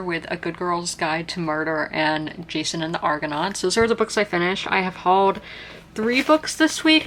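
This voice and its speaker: A woman's voice: fairly low pitch, a bit bright, slight background noise. A woman, chatting casually in a rambling vlog. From South Carolina. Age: 20s. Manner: rambling, chatty, many fillers and restarts. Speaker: vlogger.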